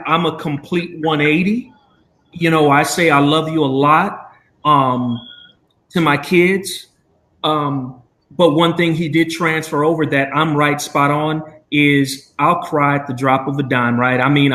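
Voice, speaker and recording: Guy hosting a live video chat, earnest and rambly, lots of ums, kinda high voice, echoey room. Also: a bit bright. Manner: earnest, rambling, many fillers. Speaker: show host.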